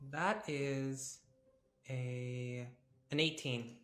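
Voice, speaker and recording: A woman's voice: very deep voice, steady tone, very slow, fairly bright tone, roomy sound, faint music behind. Teasing, confident woman player. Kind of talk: tabletop role-play.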